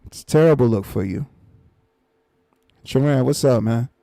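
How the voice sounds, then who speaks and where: Gravelly, mellow-voiced man ranting on stream. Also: medium pitch, normal speed, no room sound, clean studio sound. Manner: exasperated, repeats himself, laughs in disbelief. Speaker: live stream host. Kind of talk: casual reaction commentary.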